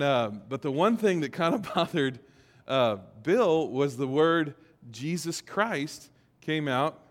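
A man's voice: a little high, a bit bright. A male pastor preaching a sermon in a folksy, joking way, leading his congregation to repeat phrases back. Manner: folksy, jokes, leads congregation in call-and-response. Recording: long reverb of a large hall.

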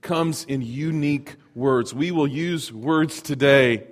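A man's voice: mid-range voice, takes it slowly. Middle-aged male pastor, conversational sermon, echoing hall sound. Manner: storytelling, animated, conversational.

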